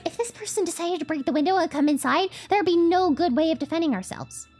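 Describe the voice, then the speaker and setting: A woman's voice: very high voice, animated, quick pace, darkish tone, pitched above the performer's own voice. A woman reading game text aloud in a cutesy, sweet voice as the young heroine narrating her own peril. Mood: earnest.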